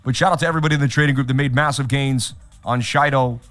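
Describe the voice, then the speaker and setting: A man hosting a crypto trading livestream, talking in an excitable hype-man way with repeated catchphrases. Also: mid-range voice, fast, soft background music. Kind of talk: hyped livestream chat.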